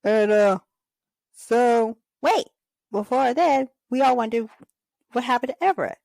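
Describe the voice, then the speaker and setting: A woman's voice: fairly high pitch, lively intonation, a little slow, creaky, darkish tone, no room sound, rough recording. A woman hosting a casual fan show, rambling and giggling as she retells scenes. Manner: giggly, rambling, frequent laughs. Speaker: host of a toy fan show. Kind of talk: casual chat with skits.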